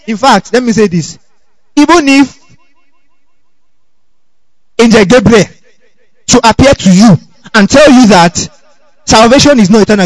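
High-voiced, animated male preacher. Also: dry recording, poor audio. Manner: animated, keeps asking the congregation "okay?"; chuckles between points. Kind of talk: sermon.

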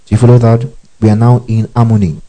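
A man's voice: mid-range voice, flat delivery, quick pace, mellow, poor audio. Man teaching a sermon verse by verse. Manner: checks understanding often, repeats key phrases; tells listeners to underline verses. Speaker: preacher.

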